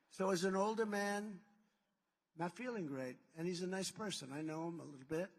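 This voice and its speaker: A political candidate gives a rally speech into a stage microphone, his voice fairly high for a man and his pace normal. He stacks boast upon boast in repeated superlatives and drifts into rambling asides, his words echoing with long reverb through a large hall.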